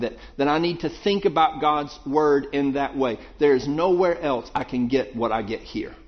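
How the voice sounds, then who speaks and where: A man's voice: a little high, lo-fi sound. A man preaching a sermon in a conversational, thoughtful way, often restarting and repeating words as he works through a thought.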